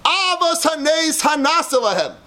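A man giving a dramatic, impassioned Torah lecture that at times rises to shouting. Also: very high-pitched, lively intonation, a little slow.

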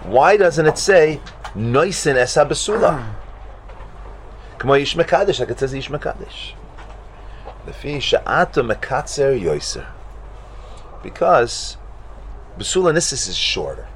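A man teaching a Talmud class to students, asking them question after question in an animated way. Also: medium pitch, unhurried, pauses often, a little hiss or hum. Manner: animated, questioning, mixes Hebrew and Aramaic terms.

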